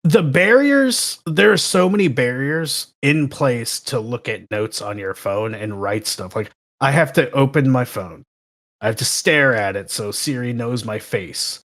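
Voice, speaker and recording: A man guesting on a podcast, chatting casually and telling animated stories with plenty of swearing. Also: mid-range voice, unhurried. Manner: swears freely, animated storytelling. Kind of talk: casual chat.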